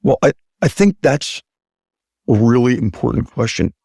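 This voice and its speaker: A man with a gravelly, husky voice talks as a surgeon guest in a dry, close-sounding room. He speaks emphatically, repeats his points for weight, and slips into the voices of patients and doctors as he tells stories. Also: mid-range voice, expressive, normal speed, a little mellow, no echo. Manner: emphatic, acts out quoted patient and doctor talk; repeats key points for stress. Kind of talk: conversational interview talk.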